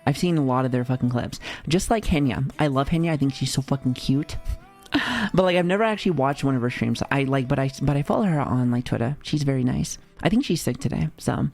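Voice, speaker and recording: A man's voice: mid-range voice, animated, fast, vocal fry, darkish tone, soft background music. An American man streaming, chatting casually with his viewers in a rambling, profane way, full of fillers and restarts. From United States. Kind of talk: casual livestream chat reacting to chat.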